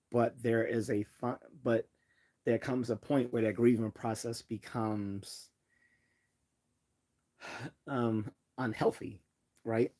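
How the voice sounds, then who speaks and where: Hesitant American man, low voice. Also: warm tone. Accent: General American. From Northeastern United States. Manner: hesitant, many restarts and fillers. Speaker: livestream host. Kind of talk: casual livestream chat.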